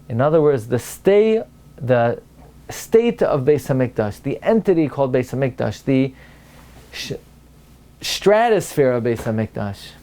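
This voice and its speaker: Animated rabbi giving a Torah lecture. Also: male voice. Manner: animated, rising to a high excited pitch for emphasis; peppers English with Hebrew and Aramaic terms, asks rhetorical questions.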